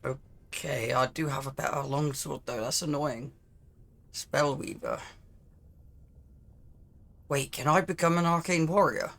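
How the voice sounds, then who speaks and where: Male let's-play host, middle pitch, musing over menus, throat a bit rough from coughing. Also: measured pace, long pauses. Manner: relaxed, musing aloud over game menus. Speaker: gaming channel host. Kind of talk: casual let's-play commentary.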